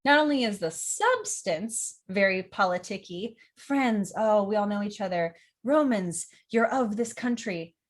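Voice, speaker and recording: Brief: eager young woman in an acting lesson vlog, mid-pitched, lively, nerdy about verse. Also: normal speed, few pauses. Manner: enthusiastic, acts out quotes, nerdy about verse. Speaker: acting teacher and director. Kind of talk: casual educational vlog.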